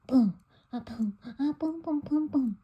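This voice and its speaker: A woman's voice: high voice, a little slow, lo-fi sound. A woman vlogging with her pet bird, giggling and coaxing it in playful baby talk. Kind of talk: casual vlog chatter to her pet and viewers.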